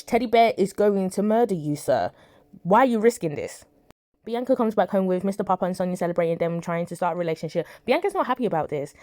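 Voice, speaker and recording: Brief: woman soap reviewer, quick chatty delivery, talks straight at the characters, dry close sound. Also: lowish voice, a little mellow, no room sound. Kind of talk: casual recap and commentary.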